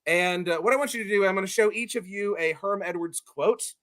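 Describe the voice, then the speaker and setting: A man hosting a casual comedy show, loud and laughing, saying y'all. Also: high voice, a little fast. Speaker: podcast host. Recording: music in background.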